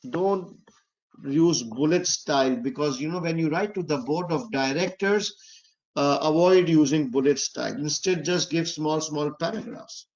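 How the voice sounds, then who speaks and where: A man's voice: on the high side, a little slow, darkish tone. A man teaching an exam-preparation webinar, giving instructive advice and repeating his key points with frequent fillers. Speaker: exam tutor. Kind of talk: online exam-prep webinar. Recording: dull lo-fi webinar audio.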